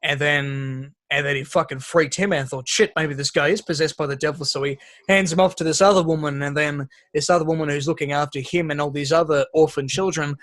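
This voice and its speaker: A fairly high-pitched man chatting on a podcast, and he swears a lot as he tells a story. His delivery stays lively and casual throughout. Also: brisk, few pauses. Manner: swears freely, animated storytelling. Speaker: podcast co-host. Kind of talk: casual chat.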